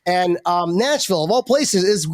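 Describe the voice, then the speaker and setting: A man hosting a live sports fan show, hyped and energetic, with quick restarts. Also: high-pitched, dry recording, clean studio sound. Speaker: host.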